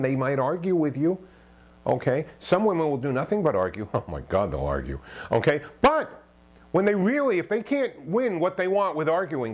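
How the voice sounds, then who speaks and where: A man's voice: medium pitch, darkish tone. A man giving relationship advice straight to the camera as a self-help author, emphatic and preachy, firing off rhetorical questions and tagging "okay?" onto his points. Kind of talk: direct-to-camera advice monologue.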